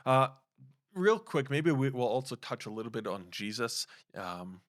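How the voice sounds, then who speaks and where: A man's voice: medium pitch, sing-song, moderate pace, a bit bright, no room sound, studio quality. A man hosting a casual podcast interview, asking long, winding questions and affirming his guest. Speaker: podcast host.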